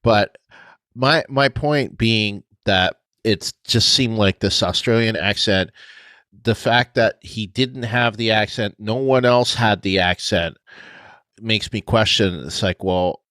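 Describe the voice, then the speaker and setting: A man with a lowish voice that swings widely up and down as he co-hosts a casual podcast chat. He rambles, restarts his sentences and laughs along the way. The sound is dry and close. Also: fairly bright tone, dry recording. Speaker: podcast co-host.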